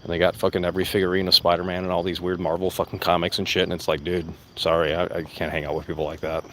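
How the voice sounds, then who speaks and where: A man with a deep, low voice rants casually while outdoors, swearing freely and circling back over his points. Faint crickets and insects chirp in the background. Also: level tone, fast, sharp tone, slight background noise. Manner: profane, blunt, repeats himself. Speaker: vlogger. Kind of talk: casual rambling rant. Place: outdoors among plants.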